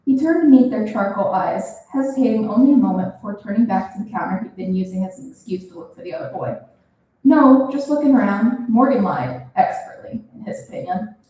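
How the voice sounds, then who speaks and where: A woman's voice: mid-range voice, quick pace. Young woman reading her story aloud, roomy. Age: young adult. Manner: expressive, animated reading. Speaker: student author reading her fiction. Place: reading event room. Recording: roomy, from a distance.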